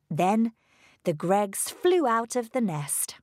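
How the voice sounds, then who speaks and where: A woman narrates a children's storybook. She reads very slowly and deliberately, with a lively, animated pitch. The recording is close and dry. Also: dry recording. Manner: slow, careful, expressive read-aloud delivery.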